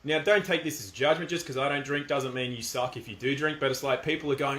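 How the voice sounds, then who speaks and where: A man's voice: mid-range voice, quick pace, hardly any pauses, fairly bright tone. A middle-aged man with an Australian accent, talking in a casual, firm and emphatic monologue. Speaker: commentator. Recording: echoey room.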